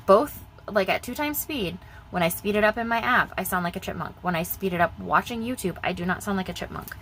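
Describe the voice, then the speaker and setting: A woman's voice: lowish voice, fairly bright tone, a little hiss or hum, low-quality recording. A young woman chatting casually in her vlog, rambling and repeating herself as she talks about budgeting. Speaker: budgeting vlogger.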